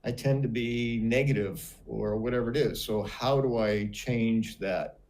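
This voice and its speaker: A man's voice: medium pitch, unhurried, a little mellow. An older man from the United States hosting a casual conversation, telling stories in a reflective, hesitant way. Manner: reflective storyteller, hesitant with fillers. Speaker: host.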